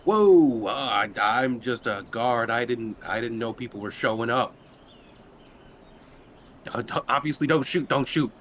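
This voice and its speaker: A man's voice: mid-range voice, animated, measured pace, fairly bright tone, a little hiss or hum. A man voicing a nervous male guard in a tabletop game, stammering and pleading not to be shot.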